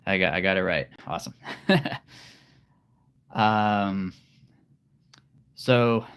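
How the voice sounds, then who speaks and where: A man's voice: deep voice, slow pace, fairly bright tone, clean tone. A middle-aged man hosting a live stream, chatting casually and answering viewers directly. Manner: friendly, chatty, talking straight to viewers.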